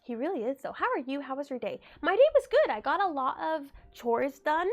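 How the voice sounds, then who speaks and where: A woman's voice: high-pitched, lively intonation, fairly quick, faint music behind. Chatty young woman getting over a cold. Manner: chatty, reads and answers chat aloud. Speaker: livestreamer. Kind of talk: casual livestream chat.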